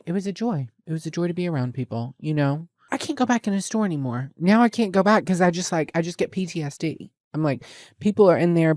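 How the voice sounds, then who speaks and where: A man's voice: on the high side, no room sound. Young man, sassy storyteller who acts out every line of dialogue; dry close sound. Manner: animated, sassy, dramatic reenactments of dialogue. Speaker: podcast host. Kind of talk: casual storytelling chat.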